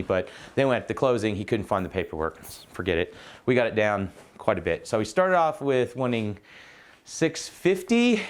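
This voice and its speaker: A man, a real estate investor chatting casually as he walks through his rental units, laughing often. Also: mid-range voice. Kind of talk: casual walk-through vlog narration.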